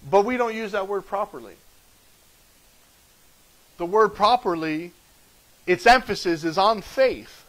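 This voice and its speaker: High-voiced man preaching a sermon. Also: lively intonation, measured pace, long pauses, poor audio. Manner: emphatic preaching that swings between loud and soft; repeats key phrases for emphasis. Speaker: pastor.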